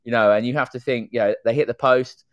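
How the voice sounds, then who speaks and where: A fast-talking man with a steady, mid-range voice co-hosts a casual podcast, heard in a dry, lo-fi recording. His talk is loose and chatty, threaded with "you know."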